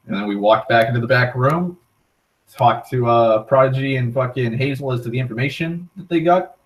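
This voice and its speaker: A man's voice: mid-range voice, brisk. A man casually retelling a tabletop game session, swearing constantly and acting out the characters' lines. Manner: heavy swearing, rambling with restarts; animated, acting out quoted lines. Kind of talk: casual storytelling monologue. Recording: voice a bit far from the mic.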